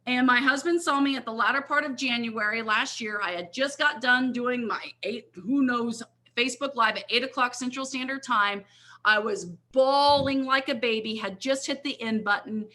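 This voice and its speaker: A woman's voice: on the high side, moderate pace, pushed and bright. A middle-aged woman giving an earnest motivational testimony on a coaching call, speaking emphatically and checking in with her listeners often. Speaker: network marketing leader sharing her story. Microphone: video call.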